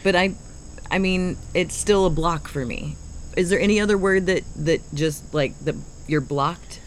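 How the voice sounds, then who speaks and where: A woman's voice: fairly low pitch, measured pace, a little hiss or hum. A woman in casual chat, playful and self-conscious, tripping over certain words.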